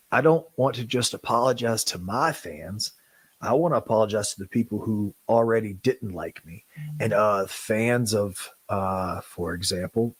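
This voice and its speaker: Brief: man, lower voice, a bit husky, dry close sound, earnest and halting podcast apology. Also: a bit bright, no room sound. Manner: earnest, halting, with many restarts. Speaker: podcast co-host. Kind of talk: emotional podcast statement.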